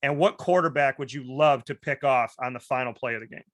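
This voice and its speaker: A man hosting a casual talk show, telling stories in an animated way and acting out the voices of the people in them. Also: medium pitch, a little fast, a crowd in the background. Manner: animated storyteller, acts out quoted voices, many restarts. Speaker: host. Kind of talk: casual storytelling chat.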